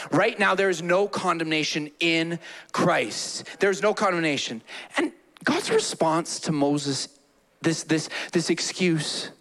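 A man preaching a sermon as a pastor in a church, animated, acting out quotes with playful voices. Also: on the high side.

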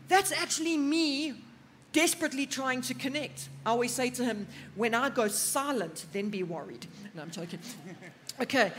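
A woman's voice: sits high, fairly bright tone, slight background noise. A middle-aged South African woman, a counselor, preaching a sermon in a conversational way with personal stories and joking asides. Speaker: pastor's wife and counselor.

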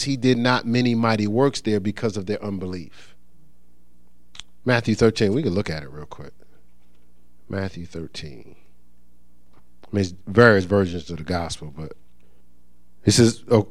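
A middle-aged man delivering a relaxed, conversational sermon, his pitch rising and dropping in lively swings as he builds a point. He reads scripture slowly, then breaks into quick, restarting explanation. The sound is dry and close, with no room echo. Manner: conversational, animated, with many restarts and sports anecdotes. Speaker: preacher. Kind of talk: informal sermon with scripture reading.

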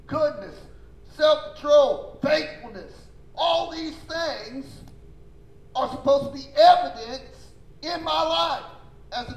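A man's voice: extremely high pitch, echoey room, slight background noise, poor audio. A man preaching a sermon as pastor, emphatic and folksy, calling out to his congregation for responses. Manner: folksy, informal phrasing.

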